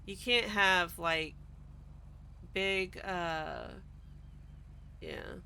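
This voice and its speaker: A woman's voice: lowish voice, huge pitch swings, extremely slow, vocal fry, bright, forceful tone, slight background noise. A woman streamer chatting casually while she plays, exasperated and ranting, swearing often. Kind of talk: casual roleplay stream chat.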